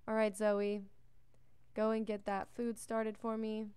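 A woman's voice: mid-range voice, completely flat delivery, unhurried, a little mellow, smooth, no echo. A young woman giving casual, chatty gameplay commentary as a let's play host, talking to the characters on screen and yawning often. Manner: chatty, talks to the game characters. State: yawning a lot.

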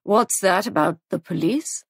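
A woman's voice: medium pitch, expressive, measured pace, vocal fry, a bit bright, slightly rough, dry recording, clean studio sound, full character voice. A woman voicing a stiff, guarded older army man who speaks in a clipped, terse way in an audiobook. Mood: tense.

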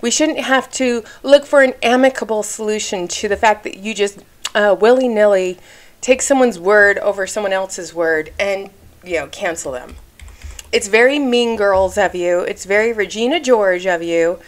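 A woman's voice: medium pitch, moderate pace. A woman talking straight to the camera in a vlog rant. She sounds indignant and emphatic and keeps stopping to ask "okay?". At times she gets emotional while she talks. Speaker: YouTube commentary creator.

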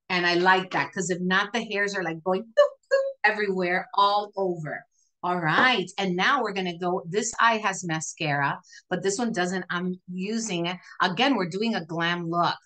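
Bright-voiced woman demonstrating makeup. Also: lowish voice, low-quality recording. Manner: chatty, encouraging, talks viewers through each step. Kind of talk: live makeup tutorial.

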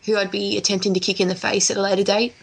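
A woman's voice: mid-range voice, flat delivery, racing, vocal fry, husky. An Australian woman chatting as a podcast guest, a chatty storyteller who laughs easily. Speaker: guest, wrestler. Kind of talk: casual podcast chat.

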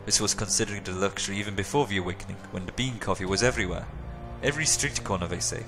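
A man's voice: fairly low pitch, fast, music in the background, lightly acted. A man voicing a sly, fawning Turkish cafe owner in a video game, with an exaggerated Turkish accent and salesman's patter. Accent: exaggerated put-on Turkish. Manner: oily salesman patter, drops to conspiratorial murmurs. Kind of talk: reading a video game's dialogue aloud.

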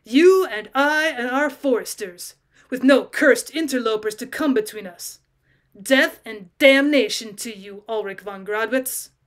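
A woman's voice: on the high side, unhurried, close to an everyday voice. A woman reading the part of a bitter, menacing poacher pinned in a forest, in a voice close to her own. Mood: snarling. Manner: quiet and menacing. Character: bitter trapped forest poacher, grim man.

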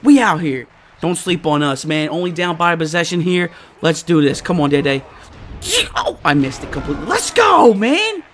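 Man, gaming host, high voice, excitable, let's-play commentary. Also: a little fast, faint music behind. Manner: excitable, yelling and groaning at plays.

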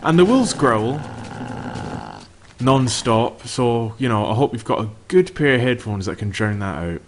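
A man's voice: medium pitch, expressive, unhurried, background noise. A young man giving casual, chatty commentary over a game, swearing freely and talking to the creatures on screen. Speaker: gameplay commentator.

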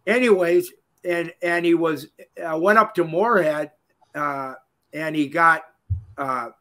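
A man, telling stories as a guest in a casual interview, folksy and animated, laughing often. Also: fairly high pitch. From Minnesota. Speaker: guest, retired pro wrestler.

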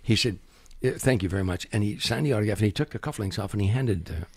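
A man's voice: fairly low pitch, very fast, few pauses, breathy edge, no echo, studio quality. An older man, a comedian guest, telling anecdotes in an interview and acting out the quotes. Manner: animated anecdotes, acts out quotes. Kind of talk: storytelling interview.

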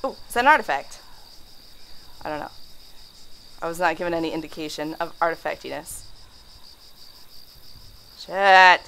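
A woman's voice: sits low, expressive, moderate pace, pauses often, fairly bright tone, slight background noise. A young woman playing a horror game at home, giving casual commentary, jumpy and swearing, shrieking at scares and laughing them off. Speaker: let's play gamer. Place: home room.

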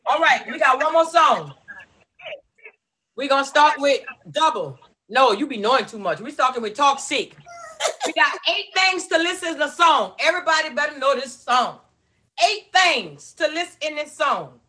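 Bright, loud woman hosting a game. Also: high-pitched, expressive, moderate pace, a little hiss or hum. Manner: loud, bossy and playful, hurrying players along. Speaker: game host. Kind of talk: hosting a group game show.

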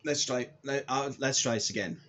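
A man cutting a rambling wrestling callout promo, halting and restarting often. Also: mid-range voice, a bit bright. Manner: halting, with restarts and repeated words.

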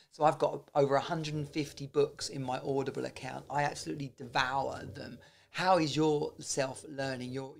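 A self-improvement vlogger delivers a casual, blunt pep talk in a creaky, medium-pitched male voice. He swears freely and keeps starting his sentences over.

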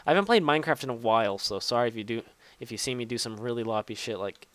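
A man's voice: on the low side, very fast, few pauses, a bit bright, clean tone. A young man giving casual, rambling gameplay commentary, swearing often and poking fun at himself. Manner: rambling, profane, self-mocking. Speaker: gaming YouTuber.

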